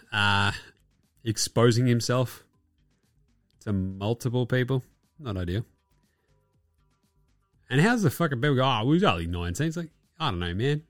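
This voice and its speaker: A man's voice: mid-range voice, unhurried, long pauses, dry recording, studio quality, soft background music. A man hosting a podcast, ranting about basketball with profanity and sarcasm. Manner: profane, sarcastic, with mocking put-on quotes. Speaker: podcast host. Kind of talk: ranting sports commentary.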